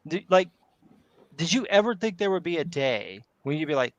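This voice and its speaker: A man co-hosting a casual podcast chat, talking in an animated, exasperated way. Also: a little high, normal speed, dry recording. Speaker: podcast co-host.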